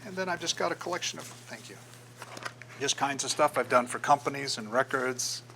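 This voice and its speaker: Bright-voiced older man telling stories. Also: mid-range voice, brisk, gravelly, slight background noise, low-quality recording. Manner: storytelling, acts out quoted voices. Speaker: guest speaker, graphic designer. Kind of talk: casual presentation to a club. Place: meeting room.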